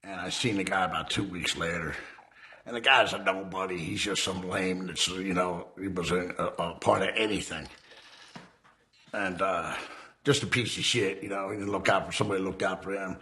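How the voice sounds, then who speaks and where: A man's voice: low-pitched, fairly even intonation, normal speed, sharp tone. A man from the United States, a former outlaw biker, telling his story in a casual, profane, streetwise way and acting out the dialogue.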